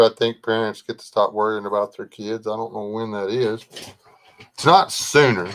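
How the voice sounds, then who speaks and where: An older man, rambling casually as he hosts a livestream, greeting viewers by name and chatting about his family. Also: on the low side. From Texas. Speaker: livestream host. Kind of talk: casual live chat reading comments.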